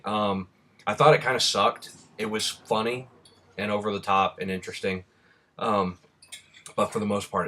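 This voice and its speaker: A man's voice: low voice, bright, forceful tone. A man from Rhode Island with a slight Southern drawl chats casually and bluntly, answering questions with lots of ums. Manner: rambling and blunt, with many ums. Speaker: vlogger.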